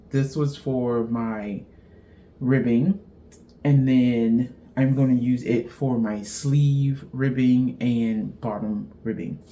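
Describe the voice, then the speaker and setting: A woman's voice: very deep voice, warm tone. A middle-aged woman from Central Texas, chatting casually as host of a knitting show, rambling and laughing at herself.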